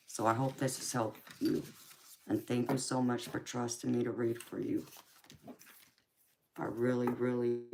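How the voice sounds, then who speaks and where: A woman reading tarot on a live stream, chatting casually with viewers and calling them sweetheart and honey, murmuring quietly as she tidies her cards. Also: very deep voice.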